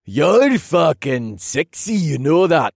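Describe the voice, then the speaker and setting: A man's voice: fairly high pitch, very animated, gravelly, breathy edge, dry recording, studio quality, voice pushed up, full character voice. A man voicing a crude, cocky drunk young man who slurs and drags his words in an audiobook. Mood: leering. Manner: slurring, slow, leering. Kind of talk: audiobook character voice.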